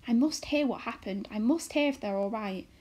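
A woman's voice: fairly high pitch, moderate pace, darkish tone, natural voice. A woman reading aloud and voicing a restless young borrower girl who speaks in an earnest, pleading way. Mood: longing.

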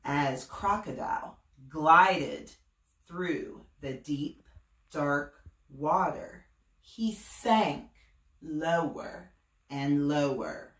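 Woman teacher, storybook read-aloud, slow, encouraging, roomy sound. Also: deep voice, lively intonation. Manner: gentle, encouraging teacher talk. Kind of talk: reading a picture book aloud to students. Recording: roomy, voice from a distance.

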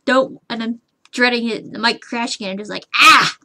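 A woman streams herself drawing live, rambling to herself, humming and muttering as she works, and swearing casually at her computer in frustration. Her voice is on the high side, steady, fairly quick and fairly bright.

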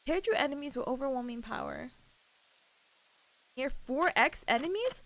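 A bubbly woman streamer with a very high voice that swoops up and down as she plays and chats with her viewers. Her talk is casual and giggly. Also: lively intonation, fairly quick, a little hiss or hum. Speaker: VTuber streamer. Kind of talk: casual gameplay stream chat.

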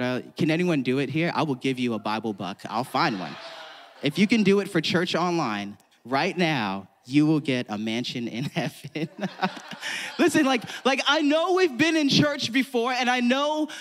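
A man's voice: high-pitched, sing-song, normal speed, fairly bright tone. A man preaching a sermon to a church congregation, conversational and playful, acting out mock prayers. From California. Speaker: pastor.

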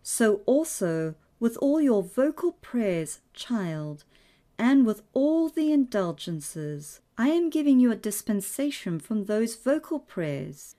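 A gentle, reassuring old priest, as a woman reader puts him on speaks in an unhurried, fatherly way. His voice sinks low and warm on words of comfort, with a lively rise and fall through each sentence. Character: kindly older male priest, gentle and reassuring.

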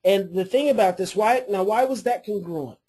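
A man, an adoption coach and therapist, telling a story to his class in a lively way and acting out the people in it. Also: high-pitched, moderate pace, husky. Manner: animated storytelling, acts out quoted voices.

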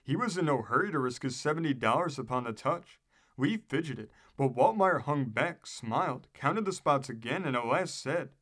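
A man narrating an old newspaper article in a steady, measured reading voice. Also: mid-range voice. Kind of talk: read-aloud narration.

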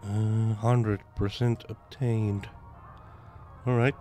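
Male gamer, slow casual commentary with loud excited target callouts. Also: lowish voice. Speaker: gameplay commentator. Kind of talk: casual let's play commentary. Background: game music.

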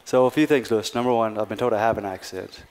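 A man's voice: on the low side, fast talker, darkish tone. A man, a contestant on stage, brash and joking.

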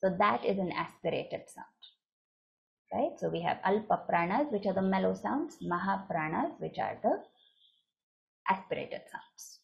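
A woman's voice: medium pitch, lively intonation, moderate pace, creaky. A woman teaching a lesson on chanting, explaining patiently and often checking in with "right?". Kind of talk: recorded lecture with slides. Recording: muffled lo-fi recording.

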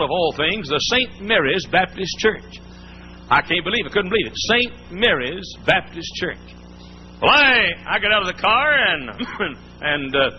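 A man pastor preaching a sermon, telling folksy stories and often repeating and restarting his words. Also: a little high. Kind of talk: storytelling sermon. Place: church before a congregation. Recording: muffled old sermon tape with faint hum.

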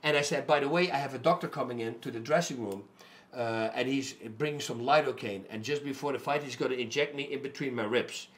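A middle-aged man, a fighter, telling a personal story in an animated way that turns loud and emphatic. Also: mid-range voice, fast. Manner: animated, gets loud and emphatic when indignant.

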